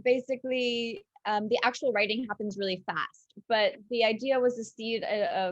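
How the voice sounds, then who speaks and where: A woman's voice: medium pitch, no room sound, dull audio. A woman writer being interviewed, talking in a loose, rambling way with frequent fillers and light teasing. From United States. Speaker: author guest. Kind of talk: casual interview chat.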